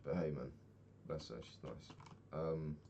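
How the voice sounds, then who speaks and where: A man's voice: very deep voice, fairly even intonation, a little slow, dark tone, dull audio, a little hiss or hum. A young man chatting casually in a video diary while playing a game, rambling, swearing freely and laughing often. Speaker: vlogger.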